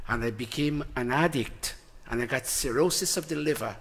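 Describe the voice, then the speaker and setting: A man preaching a sermon, emphatic and animated, swinging from loud to soft. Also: mid-range voice, normal speed, vocal fry, breathy edge. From Guyana. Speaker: spiritual teacher.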